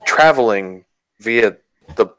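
A polite, jittery adventurer, played by a man in a tabletop game, stammering and courteous. His voice sits a little higher than the player's own and lifts on his questions. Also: expressive, slow, a bit bright, no room sound, poor audio. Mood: nervous questions. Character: polite, nervous male adventurer.

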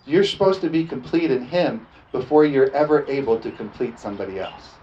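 A male preacher delivering a sermon in church, animated, often chuckling and calling out "amen?" to the congregation. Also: mid-range voice, brisk, lo-fi sound. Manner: animated, chuckling, frequent call-and-response "amen?". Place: church service, also streamed online.

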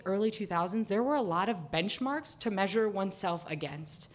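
Wry woman telling a personal story. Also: lowish voice. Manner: wry, confiding, with laughing asides.

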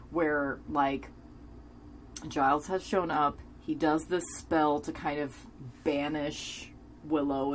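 A woman recaps a TV episode in a casual, rambling way, hedging with lots of fillers and gushing enthusiastically over scenes she loves while drinking beer. Her voice is low-pitched, with slight background noise.

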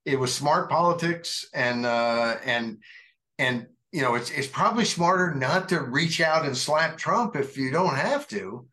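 Bright-toned man talking politics. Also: fairly high pitch, unhurried. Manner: conversational, meandering with frequent fillers. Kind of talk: casual political discussion.

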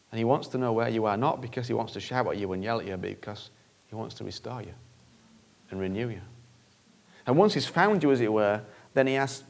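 A man's voice: lowish voice, a little mellow. A male preacher giving an earnest, conversational sermon that often repeats phrases for emphasis.

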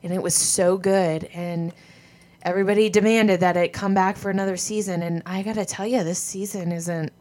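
A woman's voice: fairly low pitch, fairly even intonation, normal speed, darkish tone. Chatty woman in her thirties. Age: 30s. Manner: chatty, laughing, rambling. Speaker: podcast co-host. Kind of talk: casual chat.

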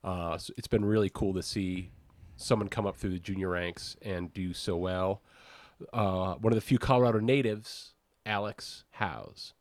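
A man's voice: deep voice, steady tone, moderate pace, darkish tone, dry recording. Laid-back Australian man, jokey co-host. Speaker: podcast co-host. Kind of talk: casual podcast chat.

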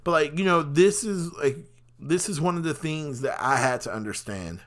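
Bright-voiced, talkative man. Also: fairly high pitch, lively intonation, normal speed. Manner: talkative, rambling, frequent fillers. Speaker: podcast host. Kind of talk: personal monologue.

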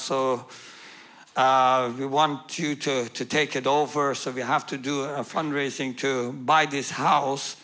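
Bright-voiced man telling an animated testimony. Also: mid-range voice. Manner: animated, acts out dialogue with humor. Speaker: guest speaker. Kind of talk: testimony storytelling.

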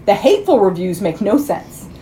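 Woman podcast co-host, mid-range voice, reads quoted reviews with lively emphasis over faint hiss. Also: medium pitch, normal speed. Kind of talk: casual chat, reading reviews aloud.

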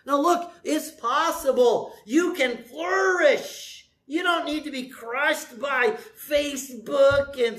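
A man's voice: high voice, bright, forceful tone. A pastor in his sixties preaches a sermon like he is chatting with friends. His manner is folksy and joking, with a plain, easygoing conversational delivery. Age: 60s.

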